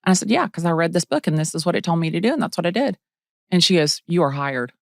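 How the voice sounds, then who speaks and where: A middle-aged woman from the Atlanta area, a real estate agent telling her story in a casual interview, bubbly and animated, acting out quotes. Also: on the low side, racing, gravelly, no room sound, clean studio sound.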